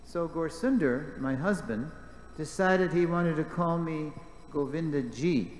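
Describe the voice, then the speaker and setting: A man's voice: a little high, unhurried. Man teaching in an echoey hall. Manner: animated storyteller, reads quotes aloud, jokes with the class. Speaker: class presenter. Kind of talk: reading aloud and commenting in a class. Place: temple hall. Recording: echoey hall with faint background noise.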